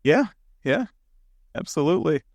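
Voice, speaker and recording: A man's voice: fairly high pitch, very animated, moderate pace, no room sound. A man co-hosting a podcast in casual chat, talking with enthusiasm, rambling a little and often laughing. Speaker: podcast co-host.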